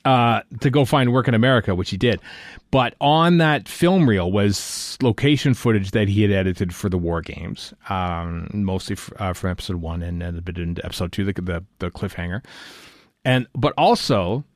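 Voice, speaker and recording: A man with a fairly low voice talks loosely on a podcast, wandering through his thoughts with plenty of "uh"s and restarts. The sound is dry and close, with little room tone. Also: animated, normal speed, no echo. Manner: rambling, many fillers and restarts. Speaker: podcast co-host. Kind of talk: casual fan podcast chat. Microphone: studio podcast mic.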